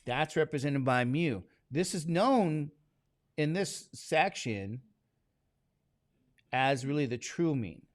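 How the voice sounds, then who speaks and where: A man's voice: a little high, lively intonation, slow, long pauses, no echo. A man teaching statistics to a classroom, talking casually and constantly quizzing his students with questions. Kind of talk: classroom lecture.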